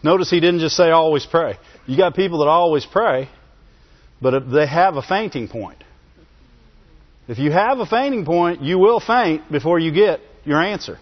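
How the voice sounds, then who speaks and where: Heard on a dull, lo-fi sermon recording, a preacher with a fairly high, expressive voice speaks at normal speed. He repeats phrases to drive points home, chuckles in between, and asks listeners for a call-and-response "Amen?"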